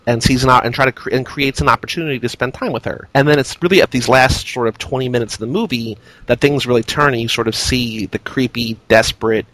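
A man co-hosting a casual movie podcast, retelling scenes with lively acted quotes. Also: medium pitch, fast talker, few pauses, no echo, rough recording. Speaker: podcast co-host.

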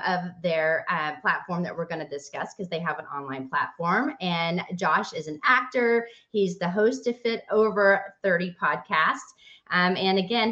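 A woman's voice: fairly low pitch, fairly bright tone, highs cut off. A woman co-hosting a podcast, introducing her guests with enthusiasm. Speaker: podcast co-host.

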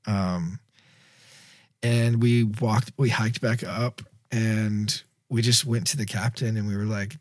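A man's voice: lowish voice, slow, no echo. A man, a film director, casually telling a long anecdote in an interview, rambling with lots of fillers. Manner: rambling, filler-heavy, animated storyteller.

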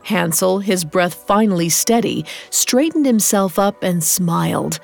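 Female host-narrator, steady dramatic storytelling read, soft music underneath. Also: fairly low pitch, creaky. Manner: measured dramatic reading.

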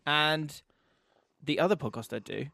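A man's voice: a little high, unhurried, vocal fry, sharp tone, no echo. A man hosting a podcast in a studio, bantering and laughing in casual chat. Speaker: podcast host.

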